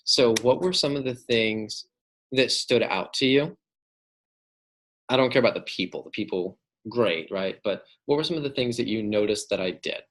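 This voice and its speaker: A man's voice: medium pitch, lively intonation, moderate pace, a bit bright. A man casually coaching his receptionists on phone calls, often asking "right?" and acting out both sides of a call. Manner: frequent "right?" checks, acts out phone calls. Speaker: manager coaching staff.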